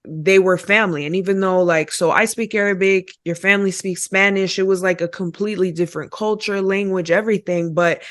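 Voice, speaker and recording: A woman's voice: mid-range voice, steady tone, brisk, hardly any pauses. A young woman, a podcast guest, reflectively telling her life story in casual chat.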